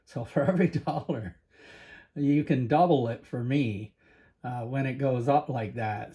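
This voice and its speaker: A man's voice: mid-range voice, unhurried. A man from Canada hosting a casual vlog, talking chattily to viewers and a bit out of breath. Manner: chatty, animated storytelling. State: slightly out of breath. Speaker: precious metals channel host.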